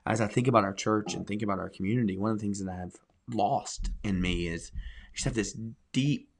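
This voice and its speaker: A man's voice: fairly low pitch, a little fast, creaky. A man, a pastor, talking earnestly in a conversational church podcast, repeating phrases for emphasis.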